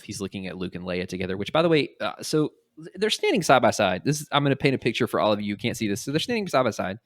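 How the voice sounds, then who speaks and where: Recorded at studio quality with no echo, a low-voiced man hosting a podcast relaxes into retelling a humorous story. He's lively about it, playing out the characters' quotes in quick little voices.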